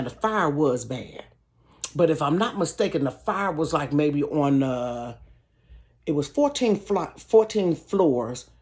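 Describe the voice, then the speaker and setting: Chatty woman telling a storytime vlog. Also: sits low. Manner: animated, chatty, frequent laughter, addresses viewers. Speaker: vlogger. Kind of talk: casual storytime monologue. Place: bedroom.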